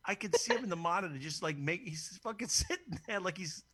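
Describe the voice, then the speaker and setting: A man hosting a crude, casual call-in show, brash and profane and quick to laugh. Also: sits high, animated, bright, forceful tone, breathy edge. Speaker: host.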